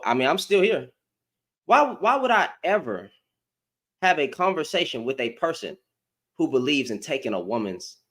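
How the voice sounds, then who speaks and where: A man hosting a livestream, talking in a confrontational, animated way. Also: mid-range voice. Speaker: livestream host. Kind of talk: heated livestream talk.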